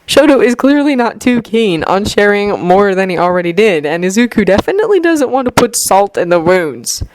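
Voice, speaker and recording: A woman narrating a fan fiction story aloud, with expressive delivery and clearly varied voices. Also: mid-range voice, moderate pace, dry recording. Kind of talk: fan fiction audiobook reading.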